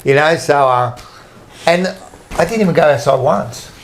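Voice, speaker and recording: A man's voice: on the high side, normal speed, slight background noise. An Australian man co-hosting a sports podcast, telling a story in casual chat and acting out what others said. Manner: animated storyteller acting out quotes. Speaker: podcast co-host.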